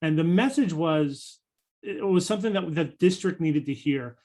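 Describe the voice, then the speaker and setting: A man's voice: a little high, normal speed, dark tone. A man hosting a discussion session, praising the speaker and taking questions from attendees with a somewhat formal turn of phrase. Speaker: session host. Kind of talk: moderating a panel discussion.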